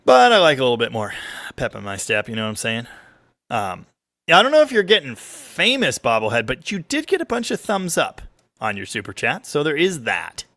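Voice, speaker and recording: A man's voice: medium pitch, a little fast, no room sound. A man hosting a weekly car livestream, chatting casually and joking as he reads out viewer comments. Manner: rambling, joking, lively ups and downs. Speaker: livestream host. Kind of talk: casual live-stream chat reading viewer comments.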